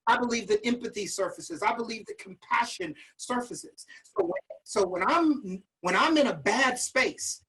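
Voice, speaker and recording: A man's voice: very high voice, lively intonation, moderate pace, a bit bright, poor audio. A man leading a virtual motivational master class, emphatic and repeating his key phrases like a preacher, speaking over a video call.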